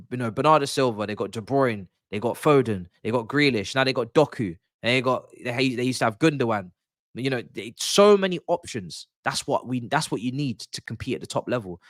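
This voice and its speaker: A man's voice: medium pitch, fairly bright tone, dry recording, clean studio sound. A man giving his views as a football pundit in casual podcast chat, confident and emphatic, often repeating his points.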